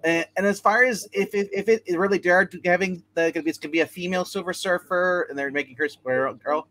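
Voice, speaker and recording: A man's voice: sits high, fast talker, pushed and bright, poor audio. Rambling male talk-show host. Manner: rambling, many restarts and fillers. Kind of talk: casual chat.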